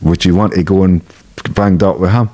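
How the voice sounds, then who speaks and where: A man's voice: sits low, fairly even intonation, normal speed, mellow. A Scottish man, a guest in an interview, telling stories in a blunt, casual way with plenty of swearing. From Scotland. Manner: blunt, swearing freely, laughing at his own stories.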